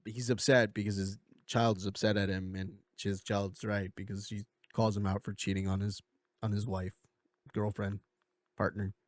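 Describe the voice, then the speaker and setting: A man's voice: fairly low pitch, level tone, moderate pace, no echo, clean studio sound. Rambling man recapping a movie plot. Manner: rambling, filler-heavy, slips into goofy impressions. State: coughing a bit. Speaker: video essay host.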